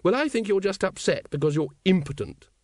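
A man's voice: sits high, lively intonation, brisk, darkish tone, dry recording, studio quality, voice pushed up. A man voicing a hearty, flustered noblewoman. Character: gruff, aristocratic large woman, dragon breeder.

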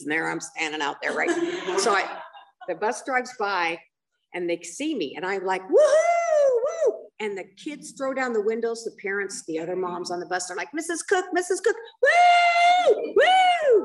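A middle-aged woman shares her recovery story in a low, gravelly voice with a chatty, lively manner. She keeps checking in with her listeners with "you know" and "right?". Her voice is picked up from some distance away from the mic. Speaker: recovery meeting speaker.

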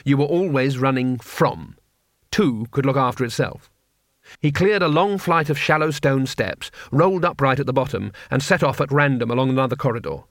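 A man narrating a comic fantasy audiobook in a wry, brisk storytelling manner. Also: mid-range voice, a bit bright, no echo, clean studio sound. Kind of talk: scripted narration.

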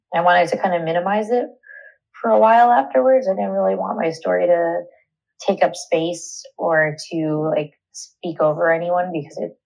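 Low gravelly woman recounting her arrest. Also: darkish tone, rough recording. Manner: candid, indignant, halting with restarts and fillers. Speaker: interviewee. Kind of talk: personal testimony in an interview.

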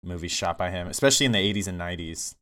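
A man's voice: low voice, lively intonation, very fast, bright, forceful tone. A man co-hosting a casual film podcast, enthusiastically listing a cinematographer's credits. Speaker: podcast co-host.

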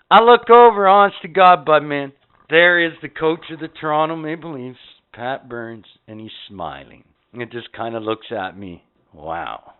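A man's voice: on the high side, expressive, unhurried, smooth. A man telling rambling, profane stories as a podcast co-host in casual chat. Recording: tinny phone-like audio.

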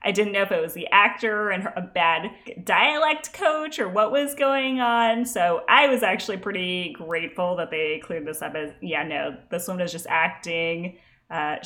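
A woman's voice: on the low side, pushed and bright. A woman co-hosting a podcast, giving her views on a TV show in a direct, opinionated way. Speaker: podcast co-host. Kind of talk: casual chat about a TV show.

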